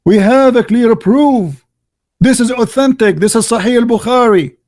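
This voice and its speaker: Combative high-voiced man hosting a debate. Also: moderate pace, a little mellow, dry recording, studio quality. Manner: combative, interrupting, repeats phrases and insults. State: losing his voice. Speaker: host of a live call-in debate stream. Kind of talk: heated live debate with a caller.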